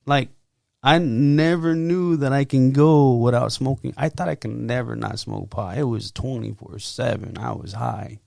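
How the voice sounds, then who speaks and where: Guest: gravelly man, mid pitch, dry close sound, animated testimony. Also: measured pace, dry recording. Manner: animated, acts out his own quotes loudly. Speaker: podcast guest. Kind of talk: casual testimony.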